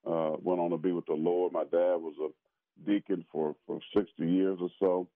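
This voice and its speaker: Man, very deep voice, halting and reflective, tinny phone-line sound. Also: little pitch movement, no room sound. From South Carolina, USA. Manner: halting, many restarts and fillers. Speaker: pastor and former pro football player. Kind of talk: casual conversation.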